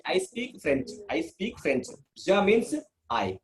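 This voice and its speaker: A man with an Indian English accent, speaking a little higher than most men, teaches a beginners' class in simple sentences. He repeats words, leans on "okay" and "uh", and his pitch jumps up and down as he explains. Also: normal speed, few pauses, rough recording. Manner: repeats himself, many fillers, lively pitch swings. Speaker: language teacher. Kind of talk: online lesson for beginners.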